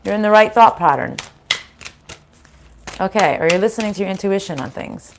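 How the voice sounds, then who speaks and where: A woman's voice: medium pitch, expressive, normal speed, vocal fry, noisy background. A woman giving a casual spiritual card reading to her viewers, chatty and reassuring, often checking in with "right?" and "okay?".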